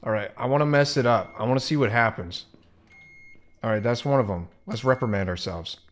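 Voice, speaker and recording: A man's voice: medium pitch, brisk. A young man giving casual let's-play commentary, squeamish and jumpy, groaning and swearing as he plays. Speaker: gaming video creator.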